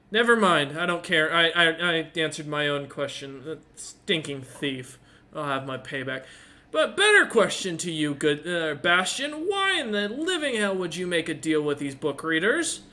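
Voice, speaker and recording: Man doing a shrill, irate tiefling devil butler. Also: big pitch swings, a little slow, sharp tone, exaggerated voice. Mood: exasperated. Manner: exasperated, scolding, threatening.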